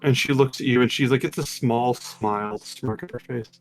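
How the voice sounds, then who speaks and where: A man's voice: mid-range voice, steady tone, normal speed, soft background music. A man working as game master, narrating a tabletop game in a loose, hesitant way with many fillers.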